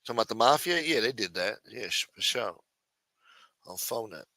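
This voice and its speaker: A man's voice: lowish voice, lively intonation, moderate pace, sharp tone, no echo. A man hosting a casual late-night livestream, rambling, sarcastic and profane as he comments on the news. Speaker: host.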